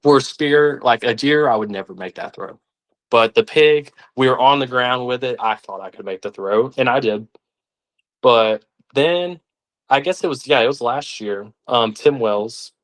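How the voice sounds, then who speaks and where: A young man, telling stories as a podcast guest in an animated way, sometimes acting out the voices of others. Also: medium pitch, normal speed. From Arkansas, United States. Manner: animated, acts out quoted voices. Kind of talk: casual storytelling.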